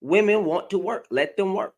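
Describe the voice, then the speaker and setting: A woman's voice: mid-range voice, normal speed, a little mellow. A woman hosting a livestream, giving blunt, heated reaction commentary and often repeating her phrases. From United States. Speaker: livestream host.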